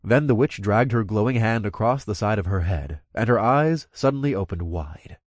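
A man narrating first-person fiction as an audiobook, with expressive storytelling. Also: fairly low pitch, normal speed, no echo, studio quality.

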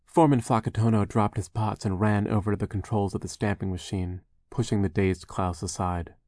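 A man narrating a storybook in measured, scripted narration with wry asides. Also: on the low side, steady tone, darkish tone, dry recording, clean studio sound. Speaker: audiobook narrator.

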